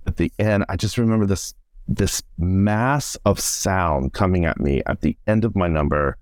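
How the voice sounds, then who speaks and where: Low-voiced chatty man telling stories. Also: normal speed, dry recording, studio quality. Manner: animated, chatty, full of "like" and acted-out quotes. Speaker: guest, stage performer and director. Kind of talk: casual podcast interview storytelling.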